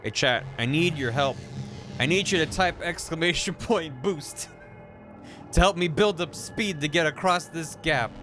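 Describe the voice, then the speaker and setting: A man's voice: on the high side, measured pace, fairly bright tone. A man streaming a video game, chatting to his viewers in a goofy, swearing, groaning way. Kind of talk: casual live-stream gameplay commentary. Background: video game music.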